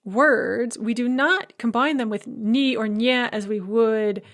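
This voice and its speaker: High-voiced woman giving a careful lecture. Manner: slow, careful enunciation of example phrases; explanatory, repeats key points. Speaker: Russian language lecturer. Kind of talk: recorded lecture.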